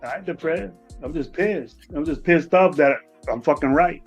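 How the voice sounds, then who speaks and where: A man's voice: fairly high pitch, moderate pace, slightly rough, soft background music. A man co-hosting a sports podcast, talking in a heated, emphatic way and hammering the same phrases. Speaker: podcast co-host. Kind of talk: casual postgame rant.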